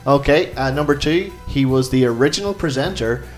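A man's voice: medium pitch, lively intonation, fairly quick, faint music behind. A man hosting a casual comedy chat show, joking and laughing as he runs a quiz. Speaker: podcast host.

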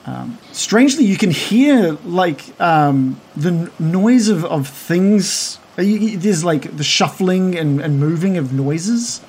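A man narrating a tabletop game as game master, slow and halting with many pauses, over a video call. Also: high voice, lively intonation, darkish tone, breathy edge.

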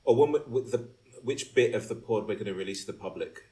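A man's voice: fairly low pitch, quick pace, crowd noise. A man hosting a casual podcast, chatty and laughing easily. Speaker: podcast host. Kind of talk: casual chat.

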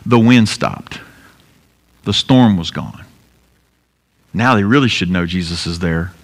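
A man's voice: fairly low pitch, expressive, a little slow, pauses often, fairly bright tone. A male pastor preaching a sermon in an earnest, emphatic way, repeating key phrases for effect. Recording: long hall reverb.

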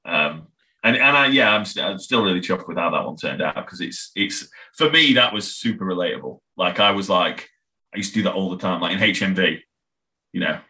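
A man talks casually as a podcast guest. His voice is low yet bright and forceful, and he rambles, restarts his sentences and laughs a lot. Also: expressive, fairly quick, rough recording. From England. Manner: rambling, self-interrupting, laughs often. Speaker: podcast guest, band member. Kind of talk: casual chat.

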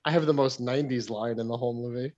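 A man's voice: mid-range voice, fairly even intonation, fast talker, a little mellow. Laughy guy talking movies, mid voice, kinda dull lo-fi sound. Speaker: podcast co-host. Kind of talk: casual movie chat. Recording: slightly dull audio.

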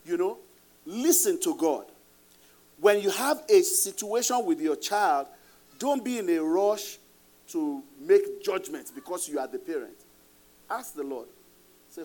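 A man's voice: a little high, expressive, a little slow, long pauses, a little mellow. A middle-aged man with a Nigerian accent, preaching a sermon as pastor in an emphatic, raised voice, laughing between points.

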